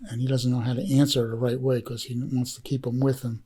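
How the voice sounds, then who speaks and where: A man's voice: mid-range voice, level tone, brisk, dark tone, breathy edge. A man who is a guest on a podcast, telling a story in a rambling, heartfelt way, full of fillers and restarts. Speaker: podcast guest, documentary filmmaker. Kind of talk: casual storytelling.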